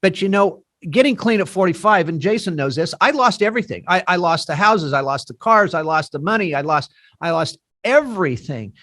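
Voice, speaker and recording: A man in his sixties hosting a podcast, telling stories in an animated way and laughing between lines. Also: high-pitched, fairly quick. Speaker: podcast host and founder of a recovery nonprofit. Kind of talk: casual podcast conversation.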